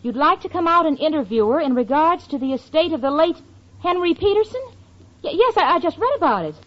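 Level-headed straight woman in a 1940s radio sitcom; bright, lively voice, muffled old broadcast. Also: high voice, a little fast. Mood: phone call. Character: sensible, patient young female roommate.

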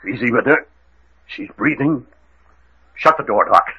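An actor playing the brisk, level-headed leader of an adventure trio, who talks in quick orders, in 1940s radio acting. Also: male voice, mid-range voice, lively intonation, breathy edge. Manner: brisk and commanding, giving orders. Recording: muffled old radio recording.

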